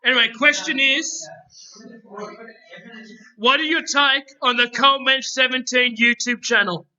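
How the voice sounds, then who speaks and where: High, loud podcast host. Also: male voice, fairly even intonation, unhurried. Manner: loud, playful, calls everyone mate. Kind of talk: chaotic comedic podcast banter. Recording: dull lo-fi microphone.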